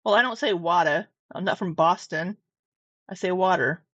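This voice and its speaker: A woman with a Midwestern accent from Southwest Missouri, a commentary vlogger, rambles casually through reaction commentary at her desk in a room at home, restarting and swearing. Her medium-pitched voice is a little fast, a bit bright and husky. A close camera mic gives a muffled recording with no echo.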